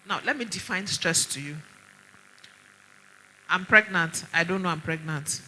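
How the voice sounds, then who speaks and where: Nigerian lady doctor giving a conference talk, bright forceful voice, tells stories and fires off questions. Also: fairly low pitch, a little slow, long pauses, slight background noise, rough recording. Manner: animated storyteller with pointed rhetorical questions. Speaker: doctor speaking at a women's conference.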